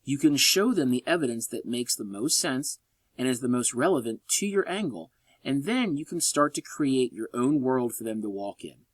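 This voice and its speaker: Man, college English instructor, recorded lecture voice-over, animated delivery with wry asides, dry close sound. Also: mid-range voice, dry recording. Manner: lively, joking asides, sarcastic.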